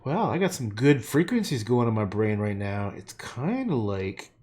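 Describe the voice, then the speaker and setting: A man's voice: fairly low pitch, sing-song, moderate pace, darkish tone. A man livestreaming as he paints, rambling to himself with casual swearing and self-mocking jokes. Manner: playful, self-mocking asides. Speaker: painter livestreaming his work. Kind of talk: rambling live commentary while painting.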